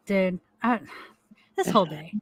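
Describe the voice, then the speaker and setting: A middle-aged woman with a medium-pitched, slightly breathy voice speaks slowly while co-hosting a live stream chat from home, animatedly telling a rambling story full of swearing and frequent laughter. The recording is dry and studio quality.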